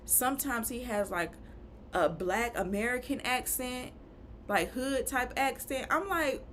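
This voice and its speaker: A woman's voice: fairly high pitch, a little slow, fairly bright tone, a little hiss or hum. A woman giving a chatty, opinionated recap of a reality show, full of rhetorical questions and asides. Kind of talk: casual recap rant.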